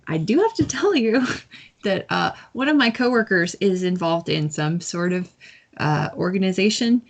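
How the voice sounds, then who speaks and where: A woman's voice: medium pitch, lively intonation, moderate pace. A woman, playing her character in a tabletop game, hesitant and full of fillers. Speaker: player. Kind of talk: in-character tabletop role-play.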